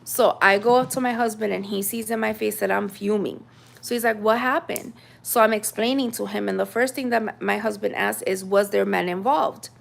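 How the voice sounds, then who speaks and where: Chatty woman with a gravelly voice. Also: medium pitch, fairly quick. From United States. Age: 30s. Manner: chatty, animated retelling with many fillers. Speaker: storyteller. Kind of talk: casual storytime vlog.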